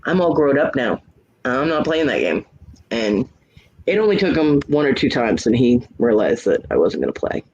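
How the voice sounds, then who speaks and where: Blunt husky-voiced man telling stories. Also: medium pitch, very animated, normal speed, darkish tone, dull audio. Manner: blunt, frank storyteller who acts out both sides of quoted arguments. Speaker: hangout host. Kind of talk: casual storytelling chat.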